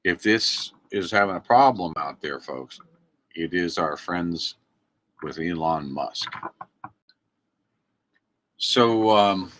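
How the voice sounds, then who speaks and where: A man's voice: low-pitched, animated, takes it slowly, long pauses, a bit bright, slight background noise. Angry American man ranting on livestream. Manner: angry, emphatic, preachy. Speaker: activist live streamer. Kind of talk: impassioned livestream rant. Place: indoors at a computer. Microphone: computer mic.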